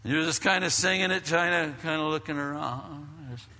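Animated high-voiced male preacher, reverberant hall. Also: fairly quick. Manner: animated preaching, acts out scenes, drops to hushed tones. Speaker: pastor. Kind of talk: sermon.

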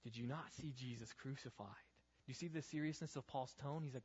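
A man's voice: mid-range voice, a little fast, darkish tone, husky. A young man giving a youth group sermon as pastor, earnest, building to pleading rhetorical questions. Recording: dull, reverberant hall sound.

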